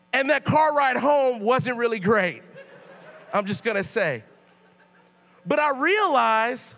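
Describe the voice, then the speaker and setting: A young male youth pastor with a notably high voice tells a church sermon as a casual, animated story. He keeps it loose and slangy, like he's talking to friends.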